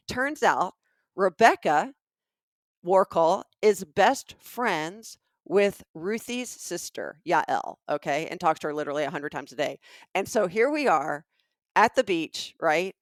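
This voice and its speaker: A woman's voice: mid-range voice, unhurried, dry recording, clean studio sound. A middle-aged Southern woman with a Southern US accent, a podcast co-host telling a comedic story and acting out the voices of the people in it. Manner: animated, acts out the dialogue of people in her stories.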